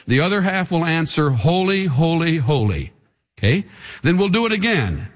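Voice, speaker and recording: A man's voice: fairly high pitch, big pitch swings, normal speed. A male pastor preaching a dramatic sermon, leading the congregation in call and response. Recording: reverberant hall with faint music.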